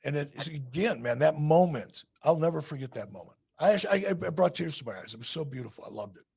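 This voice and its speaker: A man with a gravelly, rough-edged voice tells a story on his podcast. He talks loosely and warmly about a personal moment, with a husky grain under every phrase. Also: a little high, expressive, fast talker. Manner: sentimental, rambling anecdote. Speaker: podcast host. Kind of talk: casual storytelling.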